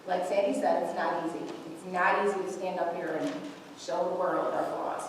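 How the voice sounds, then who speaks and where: Heard through a distant mic amid noise and echo in a church hall, a woman in her forties shares a heartfelt personal testimony in the sanctuary. She speaks at a moderate pace in a lowish, fairly even voice, laughing through tears with emotion.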